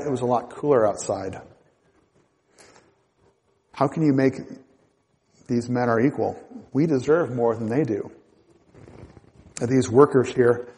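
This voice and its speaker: Mellow-voiced man teaching scripture in a reverberant space. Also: medium pitch. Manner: measured and reflective, with small restarts. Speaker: Bible teacher. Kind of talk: reading and explaining scripture.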